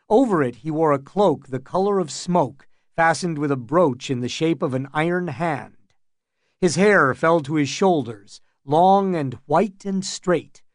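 Male audiobook narrator; slow, even storytelling, dry studio sound. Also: a little high, no room sound. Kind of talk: scripted fantasy narration.

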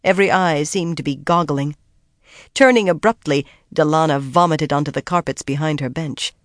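An audiobook narrator giving steady, measured scripted narration of a fantasy story. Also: medium pitch, no room sound, studio quality.

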